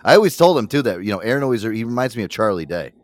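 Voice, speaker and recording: Middle aged podcast guy, lots of cursing, super lively swoopy voice doing his buddies' lines. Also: on the low side, rapid-fire, no room sound. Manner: animated storyteller, acts out friends' voices, swears a lot. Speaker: podcast co-host. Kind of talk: casual chat.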